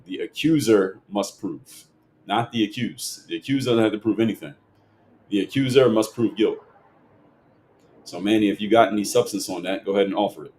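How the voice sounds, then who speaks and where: A man's voice: fairly low pitch, darkish tone, a little hiss or hum. A man hosting a livestream, reading chat comments aloud and arguing back at them in a lecturing way. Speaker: livestream host.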